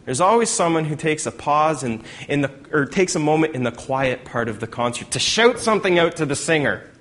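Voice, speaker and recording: A man's voice: fairly high pitch, fairly quick. Conversational male pastor preaching. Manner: conversational, animated with dramatic emphasis. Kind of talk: sermon.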